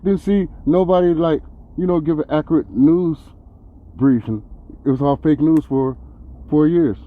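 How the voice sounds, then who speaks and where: A man hosting a podcast, delivering a profane, heated and sarcastic rant that swings between loud outbursts and low mutters. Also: normal speed, phone-quality sound. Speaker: podcast host. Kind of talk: ranting commentary monologue.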